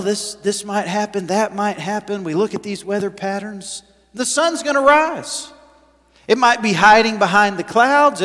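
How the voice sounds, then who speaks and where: A man preaching a sermon to his congregation, chatty and full of questions, swinging from quiet asides to loud emphatic points. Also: high-pitched. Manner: conversational, asks the congregation questions. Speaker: pastor. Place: church sanctuary. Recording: reverberant church hall.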